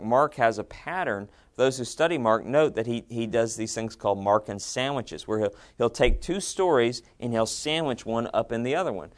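Animated middle-aged man lecturing a class. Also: medium pitch. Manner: conversational, animated, acts out quotes. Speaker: seminary teacher.

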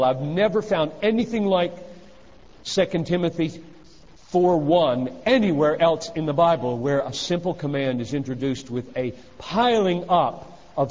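A man preaching a sermon in a high voice. He presses hard on key phrases, then drops to a low, quiet tone. The recording is dull and carries a long reverb from a large hall. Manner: emphatic, swinging from loud exhortation to hushed low phrases.

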